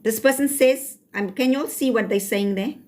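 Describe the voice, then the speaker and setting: South African woman host, brisk and scolding, live-chat streamer. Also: a little high, darkish tone. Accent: South African (Cape Town). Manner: firm, scolding, mixes Afrikaans phrases. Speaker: livestream host.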